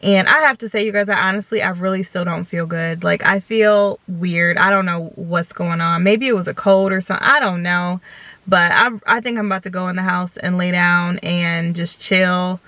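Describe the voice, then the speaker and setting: A woman's voice: fairly low pitch, fairly even intonation, normal speed, bright, forceful tone, no echo. A young woman vlogger talking earnestly and directly to her viewers, recording from a parked car. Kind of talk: casual chat to camera.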